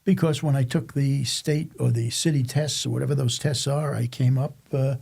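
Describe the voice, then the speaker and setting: An older man tells a rambling childhood story in casual chat, often restarting his sentences. His voice is very gravelly and husky, with a dark, mellow tone. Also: mid-range voice, steady tone, moderate pace. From Staten Island, New York. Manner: rambling, self-interrupting storyteller. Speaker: podcast guest telling a life story.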